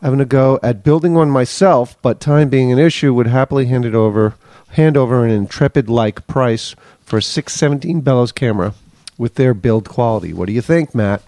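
A man's voice: mid-range voice, fairly quick, warm tone, no echo. A male podcast co-host reading a listener letter aloud with wry asides in casual chat.

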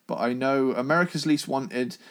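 A man's voice: medium pitch, normal speed, fairly bright tone. A man co-hosting a podcast in casual chat, enthusiastic and swearing casually as he gives his opinions. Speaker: podcast co-host.

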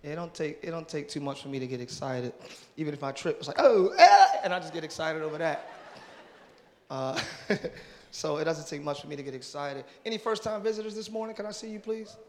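During a live church service in a large auditorium, a male pastor with a slightly high voice talks a little fast as he jokes playfully with his congregation and welcomes visitors. Crowd noise from the church hall is audible throughout this sermon crowd work.

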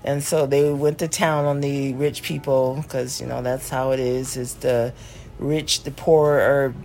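A woman's voice: a bass voice, level tone, measured pace, a little mellow. A woman hosting a podcast, casually recapping a cartoon episode, laughing often and acting out the characters' lines.

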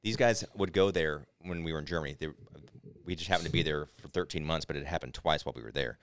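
A man's voice: rumbling low, fast talker, a little hiss or hum. A young man on a podcast rambling through casual anecdotes, acting out what everyone said. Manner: rambling anecdotes with acted-out quotes. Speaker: podcast co-host. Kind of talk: casual storytelling.

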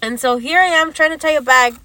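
A woman's voice: sits high, fast, pushed and bright. A young woman, telling a story in casual chat, acting out quoted lines and swearing often. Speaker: podcast co-host.

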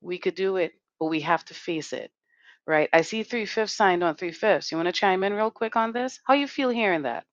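A woman's voice: on the low side, moderate pace, dry recording, muffled recording. A woman hosting a live online talk show who speaks emphatically, swears freely and keeps asking "right?". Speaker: host.

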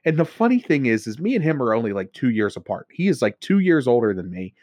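A man's voice: mid-range voice, very animated, fast, a little mellow, dry recording. Rambling, laughing man from Pennsylvania. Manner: rambling, laughs often, restarts sentences. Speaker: podcast co-host. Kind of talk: casual chat.

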